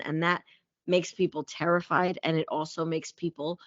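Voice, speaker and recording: A woman's voice: deep voice, fairly even intonation, moderate pace, no room sound, highs cut off. A woman coach talking bluntly and animatedly in a casual podcast chat, swearing freely.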